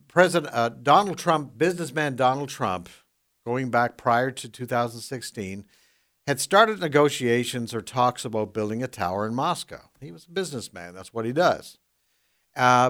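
A man hosting a political talk radio show, delivering the news in a measured way and laughing often. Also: medium pitch, a bit bright.

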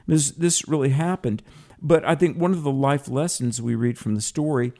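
At normal speed and medium pitch, a creaky, darkish-toned man broadcasts a live Christian talk show from a home studio with a cat around. He's chatty and cheerful, peppering his speech with fillers and restarts.

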